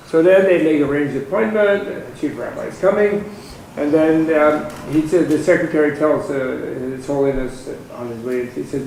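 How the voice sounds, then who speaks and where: An older man telling a long joke to an audience in an animated storytelling way. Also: fairly high pitch, normal speed. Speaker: speaker at a public dialogue. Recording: very echoey hall, faint noise.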